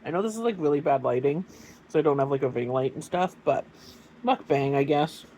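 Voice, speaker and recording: An excitable vlogger chats on camera in a home kitchen, mid-pitched and filling the gaps with "like" and "um". There is a faint hiss of room noise under the voice. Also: a little fast, lo-fi sound. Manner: chatty and excitable, with many fillers like "like" and "um". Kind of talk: casual chat and on-camera food tasting.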